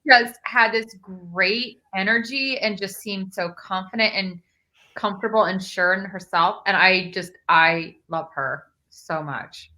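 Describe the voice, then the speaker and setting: A woman with a bright, tense voice, gushing with effusive praise as a podcast co-host. She chats casually. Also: mid-range voice, unhurried, low-quality recording. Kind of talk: casual chat.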